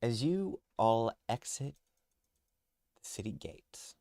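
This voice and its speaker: A man narrating as game master of a tabletop game, relaxed and loose, with many fillers. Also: on the low side, no room sound, studio quality.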